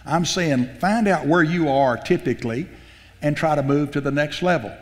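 A pastor preaching a sermon, telling the story in a folksy, animated way, acting out the quotes and often restarting his sentences. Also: on the high side, normal speed. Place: church sanctuary. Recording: long hall reverb.

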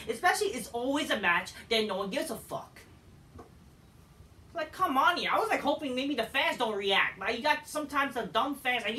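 A man's voice: very high-pitched, animated, moderate pace, sharp tone, a little hiss or hum. A man reviewing a wrestling show in a profane, exasperated, sarcastic rant. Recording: echoey room, distant mic.

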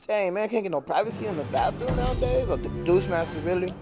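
A man talking casually over a video game, full of slang and playful trash talk. His voice sits a little high. Game music plays clearly under him. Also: expressive, fast talker. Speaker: gaming video creator.

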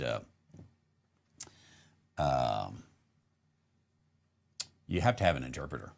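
A man hosts a casual live Q&A, answering viewer questions in a rambling way with plenty of fillers and restarts, chuckling between remarks. His voice is on the low side and slightly bright.

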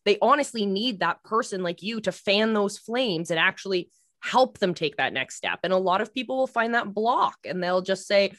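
A woman hosts an interview podcast with a lively, swooping pitch. She speaks encouragingly to her guest, and the sound is dry and close. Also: normal speed, no room sound. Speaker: host, coach.

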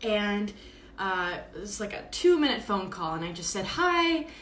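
A woman's voice: medium pitch, expressive, normal speed, a little hiss or hum. Tired lady talking into her phone at home, rambly, lots of um and like, echoey room. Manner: chatty, rambling, many fillers. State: exhausted. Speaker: podcast host doing a live stream. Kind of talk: casual live-stream monologue. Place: at home, indoors. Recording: roomy echo, faint background ambience.

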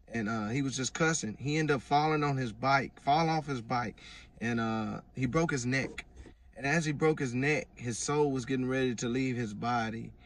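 A man's voice: mid-range voice, recorded from a distance, a little hiss or hum. A man giving a casual, earnest personal testimony, rambling with frequent restarts. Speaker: vlogger giving religious testimony.

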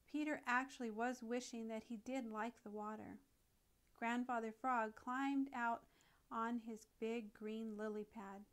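A woman with a slightly higher-than-average voice reads a classic children's nature story aloud. She brings a gentle, expressive storyteller's touch, narrating carefully at a warm storybook pace.

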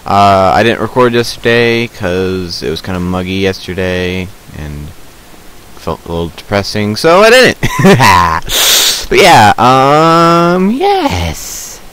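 A man whose lowish, somewhat bright voice swings widely in pitch rambles to his viewers as he plays a survival game. The recording is low quality with slight background noise, and his easygoing, unhurried commentary is packed with fillers.

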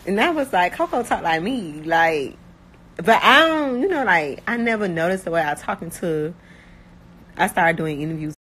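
A young woman from Miami with a Miami accent, chatting casually and bluntly, talking fast with lots of slang and filler words. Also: lowish voice, lively intonation, fairly bright tone, breathy edge, low-quality recording. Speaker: rapper talking about her life. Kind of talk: casual chat.

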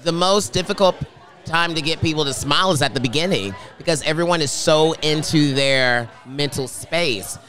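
A bright, forceful male voice, a bit high for a man. He is in his thirties and talks as a runner guest in a casual interview, animated and playful. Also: normal speed, soft background music. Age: 30s.

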